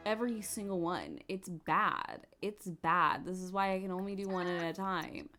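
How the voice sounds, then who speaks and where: A young adult woman giving casual, bubbly commentary while playing a life-sim game, gushing with quick asides and giggles. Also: fairly low pitch, animated, bright, forceful tone, soft background music. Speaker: gaming YouTuber.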